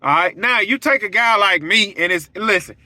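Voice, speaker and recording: A man's voice: high-pitched, lively intonation, moderate pace, pushed and bright, no room sound, rough recording. A man, a welder hosting his own show, telling a story straight to his viewers in a blunt, preachy way. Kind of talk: casual storytelling monologue to viewers.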